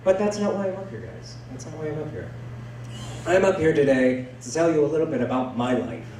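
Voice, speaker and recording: A man's voice: a little high, lively intonation, brisk, warm tone, slight background noise. A man doing a stand-up set, joking crudely and self-deprecatingly with the crowd from a comedy club stage. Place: comedy club stage before a live audience. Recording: roomy club sound from far off.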